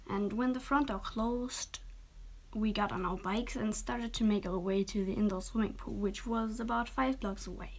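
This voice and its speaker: Young woman narrator; soft, whispered role-play reading. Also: mid-range voice. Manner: soft, often whispered, occasional stumbles. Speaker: story reader.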